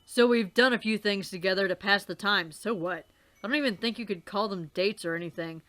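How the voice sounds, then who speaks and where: A woman voicing a cool, deadpan teenage boy who talks low and flat. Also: brisk, close to an everyday voice.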